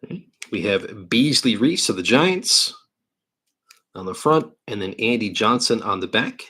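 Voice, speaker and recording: Live-stream host, male, from New York, fairly low voice, chatty and upbeat, talks through each pack as he opens it. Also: expressive, a little slow, sharp tone, breathy edge. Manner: chatty, upbeat, thinks aloud while opening packs. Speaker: livestream card-break host. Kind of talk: casual live-stream chat. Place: indoor card-break studio.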